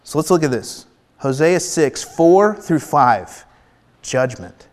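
Animated preacher man in a reverberant hall. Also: on the high side, slow. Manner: animated, emphatic, drops to near-whispers for emphasis. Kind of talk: sermon.

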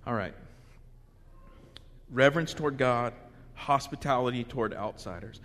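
A man preaching a sermon in a lively, conversational way with humorous asides, recorded with long hall reverb. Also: mid-range voice, normal speed. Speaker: pastor.

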